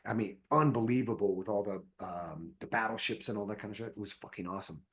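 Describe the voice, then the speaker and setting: Husky-voiced man telling rambling stories. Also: lowish voice, quick pace. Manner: profane, rambling, animated anecdotes. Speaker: podcast guest, actor. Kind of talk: casual storytelling chat.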